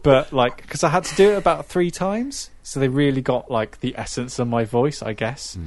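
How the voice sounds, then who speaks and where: A man's voice: mid-range voice, moderate pace, darkish tone, no echo. A man hosting a podcast, telling a story in casual chat and mimicking other voices as he goes. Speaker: podcast host.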